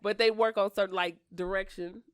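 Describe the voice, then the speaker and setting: A woman and mother co-hosting a podcast, chatting in a lively way and laughing often. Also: medium pitch, fairly quick, clean tone, no echo, clean studio sound. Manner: lively, laughing, repeats herself. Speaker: podcast co-host. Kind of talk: casual chat.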